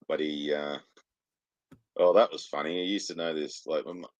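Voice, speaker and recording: An Australian man with a very low voice tells crude, rambling stories and swears in nearly every sentence. The sound is dry and close, with no room behind him. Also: dry recording, rough recording. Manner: profane, rambling anecdotes, heavy swearing. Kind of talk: crude casual chat.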